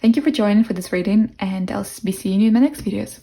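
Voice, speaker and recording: Speaking quickly at a medium pitch, this young tarot reader has a gravelly yet mellow voice. She has a non-native English accent and muses her way through a casual pick-a-card reading, full of fillers and restarts.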